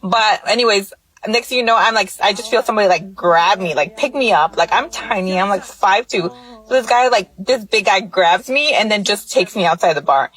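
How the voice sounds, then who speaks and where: A woman's voice: mid-range voice, fairly quick, a bit bright, slightly rough, no room sound, rough recording. A woman in her thirties casually telling a personal story, chatty and full of filler words. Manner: chatty, lots of filler likes.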